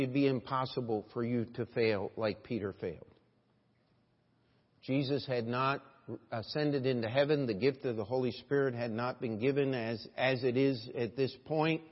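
Preaching man in a reverberant church. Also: mid-range voice. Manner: preaching with rhetorical questions and voiced scripture quotes. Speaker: pastor. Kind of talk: sermon. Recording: dull lo-fi church audio with long hall reverb.

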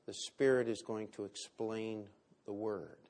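A man preaching a sermon, with big swings between loud and quiet. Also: on the low side, fairly even intonation, measured pace. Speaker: pastor.

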